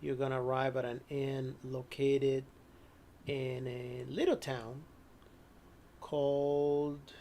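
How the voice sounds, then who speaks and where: A man narrating as game master of a tabletop horror game, unhurried, with many ums and frequent throat clearing. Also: mid-range voice, level tone, warm tone, slight background noise.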